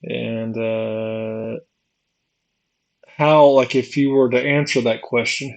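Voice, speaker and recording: A man in his forties from the United States, thinking aloud in a halting, searching monologue that is full of restarts and repeated questions while he has been drinking. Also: medium pitch, flat delivery, vocal fry, dull audio. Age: 40s. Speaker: vlogger. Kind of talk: rambling philosophical monologue.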